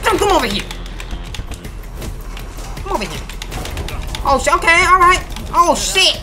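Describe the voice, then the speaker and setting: Woman host for let's play commentary: excitable, slangy, taunting, animated pitch, over game music. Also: unhurried, long pauses. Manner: excitable trash-talking, shouts taunts at enemies; slangy, swears often. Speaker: gaming channel host.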